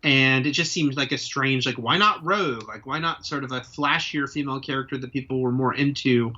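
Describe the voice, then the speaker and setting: A man's voice: mid-range voice, fairly quick, pushed and bright. A man in his forties co-hosting a casual pop-culture podcast, chatty and laughing along. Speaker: podcast co-host. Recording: dull lo-fi sound.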